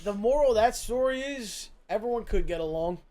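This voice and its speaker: A man's voice: high voice, expressive, a little fast, mellow. A man co-hosting a casual chat, chiming in with blunt, profane remarks. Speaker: streamer co-host.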